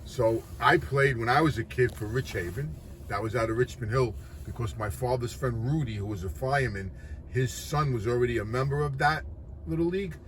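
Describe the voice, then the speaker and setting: A man's voice: medium pitch, a little fast, a bit bright, slight background noise. A man with a New York accent telling stories from his past in a blunt, profane, streetwise way. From Queens, New York. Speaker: storyteller recounting his past. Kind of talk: casual anecdotal storytelling.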